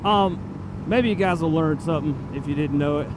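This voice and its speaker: Riding his motorcycle along a town road, a man with a fairly high voice talks to his viewers at a normal speed, wandering off topic and cursing here and there. It's loose, chatty vlog rambling, recorded outdoors on a helmet-mounted camera mic that catches road and traffic noise.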